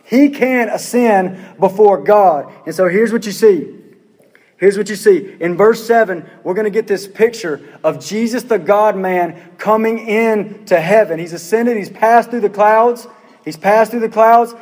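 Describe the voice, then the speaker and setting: Pastor guy preaching, kinda high voice, lots of questions, church hall echo. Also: unhurried, darkish tone. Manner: earnest preaching, rhetorical questions, repeats phrases. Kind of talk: sermon.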